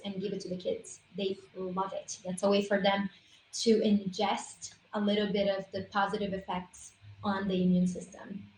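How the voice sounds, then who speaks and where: A woman's voice: mid-range voice, a little mellow, echoey room, slight background noise, low-quality recording. A woman on a casual livestream, explaining essential oils in a persuasive, emphatic, informal way.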